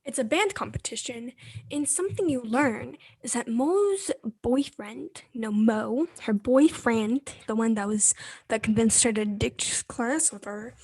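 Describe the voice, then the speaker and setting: A young woman casually retelling a movie plot as co-host, slipping into quick quoted voices. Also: fairly high pitch, animated, darkish tone, breathy edge, dry recording. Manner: retells scenes with quick put-on character quotes. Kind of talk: casual chat.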